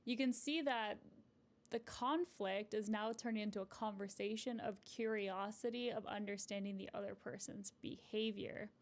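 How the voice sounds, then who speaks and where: A woman who works as a couples therapist gives live advice and answers viewer comments, gentle and encouraging, often ending a point with "right?" Her mid-range voice is steady and moderately paced.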